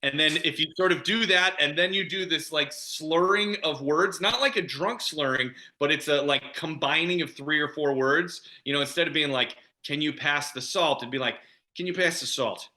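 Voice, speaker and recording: Bright, chatty man on a video call. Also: a little high, normal speed, few pauses. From Chicago. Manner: chatty, laughs often, fillers like "you know". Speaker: actor guest. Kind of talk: casual interview over video call.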